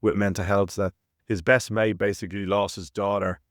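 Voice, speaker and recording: A man's voice: fairly low pitch, flat delivery, normal speed, no room sound, studio quality. An Irish man in his thirties co-hosting a podcast, telling chatty stories and acting out the voices of the people he quotes. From Ireland. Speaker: podcast co-host. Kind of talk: casual chat.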